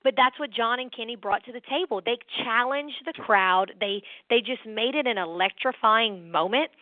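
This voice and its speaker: A woman's voice: on the high side, moderate pace, no room sound. A woman guest telling stories enthusiastically in a casual interview chat. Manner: enthusiastic storyteller. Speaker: guest, nonprofit founder. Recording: tinny phone line, dry.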